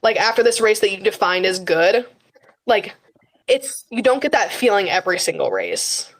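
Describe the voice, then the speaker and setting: A woman's voice: mid-range voice, sing-song, moderate pace. Chatty teen girl, lots of fillers. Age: high school teen. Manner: chatty, frequent fillers and quoted self-talk. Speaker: guest, high school runner. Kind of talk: casual conversational interview.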